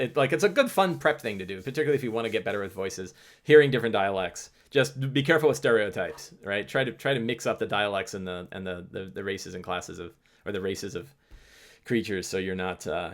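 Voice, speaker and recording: A man hosting a live stream, answering chat questions in a loose, rambling way with many restarts. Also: on the low side. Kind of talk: casual livestream talk.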